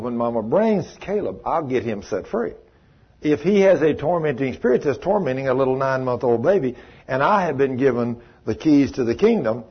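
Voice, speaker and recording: A man preaching, telling stories in a folksy, animated way and acting out the voices in them. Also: on the high side, husky. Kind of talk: sermon storytelling. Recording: muffled lo-fi recording.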